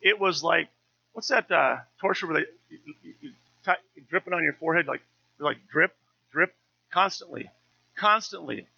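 A man's voice: fairly high pitch, moderate pace, gravelly, sharp tone, slightly rough, lo-fi sound. A man in his fifties, a pastor preaching a sermon in a conversational, story-telling way with touches of humour.

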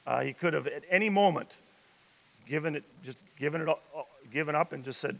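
A man's voice: on the high side, a little fast, vocal fry, fairly bright tone. A man preaching a sermon, retelling scripture in a conversational storytelling way with emphatic rises. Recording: reverberant hall.

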